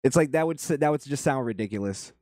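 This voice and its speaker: A man casually commenting as he reacts to a video, with a rambling, halting, profane way of talking. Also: mid-range voice, expressive, darkish tone, no room sound, clean studio sound.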